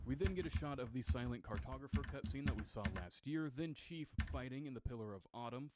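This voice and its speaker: A man giving an excited trailer breakdown as a video game commentator. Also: medium pitch, a little hiss or hum. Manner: excited, enthusiastic.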